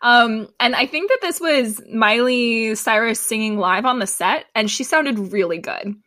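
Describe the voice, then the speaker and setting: Bright, excitable young woman. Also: on the high side, a little slow. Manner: enthusiastic recapping, excitable. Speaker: podcast co-host. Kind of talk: casual chat.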